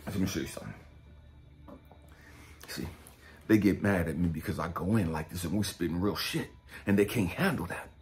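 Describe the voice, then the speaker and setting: A man preaching a blunt, profane street-style sermon, dropping to low mutters and rising to shouts. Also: animated, normal speed, long pauses, soft background music. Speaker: spiritual coach and speaker.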